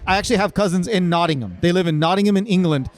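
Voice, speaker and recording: Casting: male comedian, fairly high voice, chatty storyteller, easy with accents. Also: racing. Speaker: comedian guest. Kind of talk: casual podcast chat.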